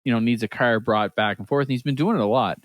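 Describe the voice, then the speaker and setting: A man's voice: medium pitch, fast, no echo. A man from Canada, co-hosting a podcast, telling a story in casual chat, laughing often and acting out what others said. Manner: animated, laughs often, acts out quotes. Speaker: podcast co-host.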